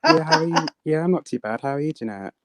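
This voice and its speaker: A man's voice: a little high, animated, quick pace. A man as a guest on a live stream, chatting playfully and joking. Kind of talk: casual chat.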